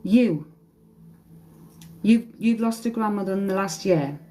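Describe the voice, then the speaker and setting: A woman's voice: mid-range voice, a little slow, warm tone, rough recording. A woman working as a psychic medium, giving a live-stream reading in a hesitant way, repeating phrases and humming song lines, speaking into a phone.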